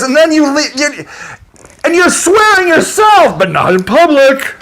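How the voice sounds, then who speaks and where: Man, high voice, swings wildly in pitch, agitated profane rant, laughing between lines. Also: big pitch swings, slow pace, long pauses, a bit bright. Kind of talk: unscripted ranting monologue.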